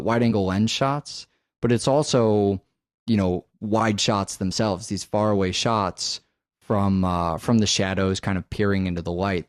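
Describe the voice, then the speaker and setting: Low-voiced man talking films casually. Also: dry recording, studio quality. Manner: rambling, thinks aloud with many fillers. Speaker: podcast co-host. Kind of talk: casual film discussion.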